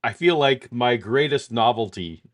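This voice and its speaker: A man's voice: mid-range voice, animated, measured pace. A man from Canada co-hosting a podcast, chatting casually in a laid-back way and joking and laughing often. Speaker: podcast co-host. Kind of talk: casual chat.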